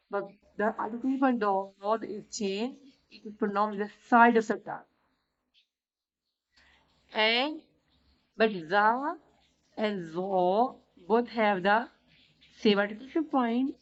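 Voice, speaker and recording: A woman teaching the letters of an alphabet, explaining slowly and repeating sounds to demonstrate them. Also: mid-range voice. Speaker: Arabic teacher. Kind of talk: slow explanatory lesson. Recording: dull lo-fi recording.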